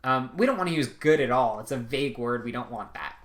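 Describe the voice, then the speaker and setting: A man's voice: mid-range voice, animated, fairly quick, fairly bright tone. A young man teaching a recorded writing lesson, casual and loose, with frequent ums and "right?" checks. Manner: casual, many ums and rights, restarts mid-sentence. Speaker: test prep instructor.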